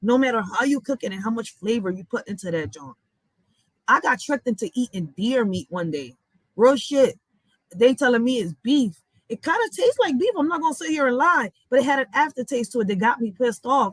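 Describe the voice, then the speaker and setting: Blunt, high-voiced woman vlogging. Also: a little fast, no room sound, poor audio. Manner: blunt, profane storytelling; animated, emphatic. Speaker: reaction vlogger. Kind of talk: casual reaction commentary.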